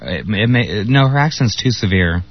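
A man's voice: lowish voice, animated, normal speed, slightly rough, soft background music. Man, outspoken radio co-host, jokey and opinionated, casual panel chat, lo-fi dull sound.

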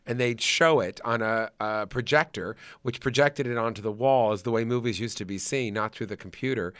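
Bright-voiced chatty male host. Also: mid-range voice, clear, resonant tone, no echo, clean studio sound. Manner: chatty, laughing, animated. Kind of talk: casual commentary.

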